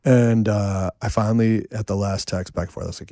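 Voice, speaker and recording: A man who writes and produces songs, telling a rambling, lively story as a guest in a casual chat at home, full of fillers and asides. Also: on the low side, a little fast, dry recording, studio quality. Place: a home, indoors.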